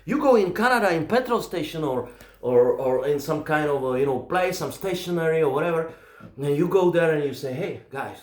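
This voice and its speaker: A man's voice: on the high side, lively intonation, brisk, reverberant. A man with a Russian accent doing stand-up, telling rambling, profane stories in broken English. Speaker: stand-up comedian. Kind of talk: stand-up storytelling.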